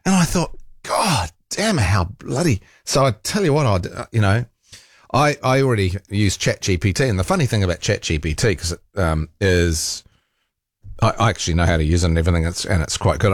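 A man's voice: low voice, fast, no room sound, clean studio sound. A man hosting a talkback radio show, telling a rambling, exasperated story with laughs and mild swearing. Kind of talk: casual on-air chat.

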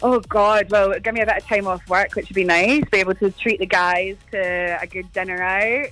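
A woman's voice: medium pitch, fairly even intonation, moderate pace, a bit bright, soft background music, poor audio. A woman with a Scottish accent, calling in as a radio quiz contestant, cheerful and giggly. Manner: giggly, cheerful, laughs often. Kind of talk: live radio quiz call.

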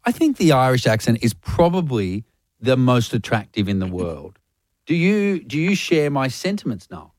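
A man's voice: mid-range voice, very animated, normal speed, darkish tone, no echo. Man, radio host, dry close studio sound, playful teasing delivery. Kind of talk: casual radio chat.

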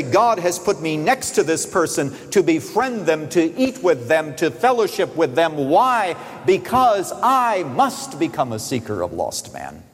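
Animated male preacher in a reverberant hall. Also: high voice. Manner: animated preaching, rising loud on key phrases and dropping soft. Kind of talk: sermon.

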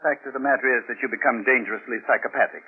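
An actor playing a cold, menacing stepfather who speaks in a calm, sinister way, on an old radio broadcast. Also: mid-range voice, very fast, slightly rough, phone-quality sound. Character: cold, menacing middle-aged stepfather with a knife. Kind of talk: 1940s radio acting.

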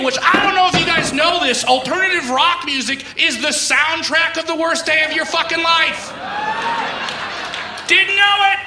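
A man doing a freshly dumped rock-station DJ with a high, strained, gravelly voice. He rants in bursts and teeters between yelling and near-tears. The sound is roomy, with steady noise behind it. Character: heartbroken young male rock radio DJ, ranting. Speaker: radio DJ. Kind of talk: comic sketch monologue.

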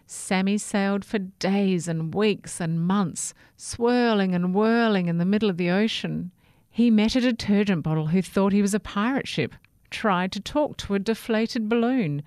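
A woman reading a children's story aloud, gentle and expressive. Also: medium pitch, unhurried, dry recording, studio quality.

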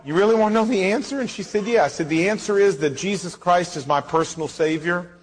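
A man's voice: sits high, fast talker, a little hiss or hum. A male pastor, preaching a sermon and acting out the dialogue of his stories with animation. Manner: animated storytelling, acts out dialogue. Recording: reverberant hall.

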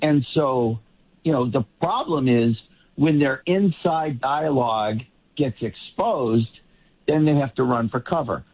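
A man's voice: mid-range voice, a little slow, slightly rough, narrow, tinny audio. A man on a political panel from the Boston area, talking in an emphatic casual way and repeating words as he builds each point. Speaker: political commentator guest.

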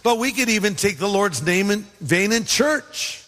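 Speaking at a moderate pace in a high register, a pastor delivers a sermon built around a story. He voices the characters he quotes and adds humorous asides, and the long reverb of a hall surrounds him.

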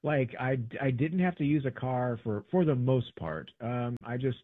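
A man in casual conversation, rambling along with plenty of ums and false starts and getting animated when something excites him. His voice sits at an ordinary pitch. It comes through a narrow, phone-like line with no room echo. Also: normal speed, slightly rough. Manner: rambling, animated, many fillers and restarts. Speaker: podcast co-host. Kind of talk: casual travel chat. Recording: dry, tinny phone-like sound.

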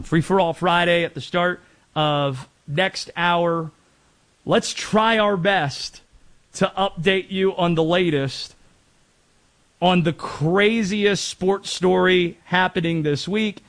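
A man's voice: high-pitched, slow pace, fairly bright tone. A man from North Carolina hosting a sports talk show, chatting and rambling with self-deprecating asides. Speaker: sports radio host.

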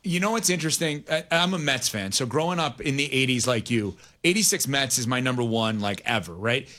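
A man's voice: mid-range voice, lively intonation, a little fast, bright, forceful tone. A middle-aged man co-hosting a casual chat, talking in a reflective, conversational way.

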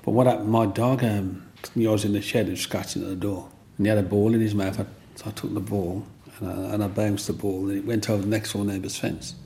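An older Englishman tells his story with a gravelly, creaky edge. He rambles, restarts and keeps checking that he's understood. Faint noise sits behind him. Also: lowish voice, flat delivery, brisk, hardly any pauses, dark tone. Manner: rambling, with restarts and "you know what I mean". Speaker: interviewee.

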